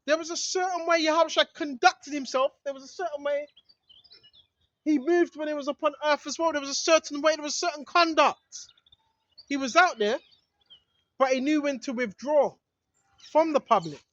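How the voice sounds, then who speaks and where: A man's voice: very high-pitched, moderate pace, long pauses, fairly bright tone, no room sound, lo-fi sound. A man preaching in an emphatic, rambling way outdoors in a hidden spot in the woods, often asking "right?". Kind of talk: outdoor religious vlog monologue.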